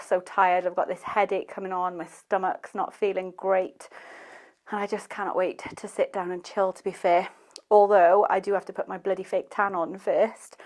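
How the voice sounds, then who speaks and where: Young woman, casual vlogger, rambling chatty delivery, self-deprecating. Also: mid-range voice. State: out of breath after cardio. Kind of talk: casual vlog to camera.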